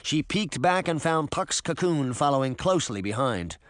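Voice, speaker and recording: A man narrating an audiobook in an expressive, dramatic manner. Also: fairly high pitch, normal speed, dry recording, clean studio sound. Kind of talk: scripted narration.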